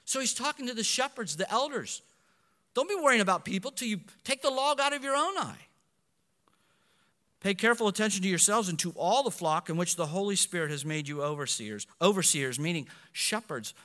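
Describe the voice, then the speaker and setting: A man, a pastor, preaching a sermon with animated delivery, swinging between loud and hushed passages. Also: sits high, a little fast, big-room sound.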